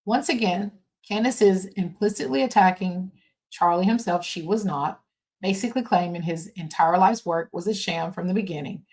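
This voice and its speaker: Woman doing a home podcast, lowish voice, lots of ums and restarts, just chatting casually. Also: darkish tone. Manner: halting, with many fillers and restarts. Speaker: podcast host.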